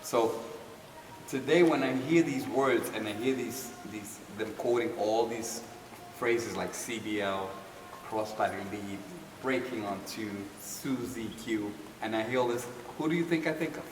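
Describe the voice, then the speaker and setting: An older man tells a story to an audience, lively and laughing, acting out the voices of the people he quotes. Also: medium pitch, moderate pace. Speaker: dance teacher telling a story. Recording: echoey hall from far off with noise.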